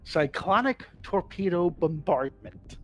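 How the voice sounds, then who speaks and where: A man's voice: high-pitched, animated, slow pace, lo-fi sound, faint music behind. A man hosting a casual lore podcast, enthusiastic and profane, quizzing his co-hosts. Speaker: podcast host.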